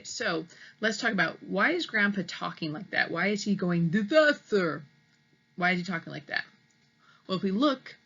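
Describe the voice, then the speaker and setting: A woman's voice: medium pitch, a bit bright. A woman teacher reading a story aloud to children, explaining patiently and checking in with "okay?" after each point. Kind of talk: read-aloud lesson for kids. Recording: slightly muffled audio.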